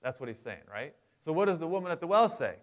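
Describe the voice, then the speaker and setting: A man's voice: fairly high pitch, very animated, quick pace. A middle-aged male pastor preaching a sermon in a conversational way, often checking in with the congregation. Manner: conversational, asks the congregation for responses.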